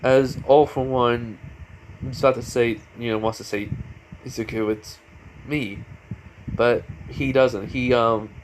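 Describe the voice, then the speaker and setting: A man's voice: medium pitch, level tone, a little slow, slight background noise. A man casually retelling a fan story, rambling with lots of fillers and restarts.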